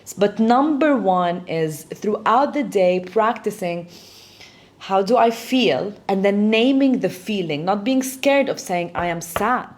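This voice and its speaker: A woman's voice: medium pitch, lively intonation, a little slow, a little mellow. A woman hosting a self-help talk, explaining steps in an earnest coaching manner and often checking in with "right?". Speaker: host.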